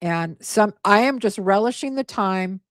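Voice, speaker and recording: A tired, hoarse woman hosting a casual livestream, thanking her viewers and getting emotional, and stumbling over names. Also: medium pitch, expressive, measured pace, dry recording, studio quality. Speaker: livestream host.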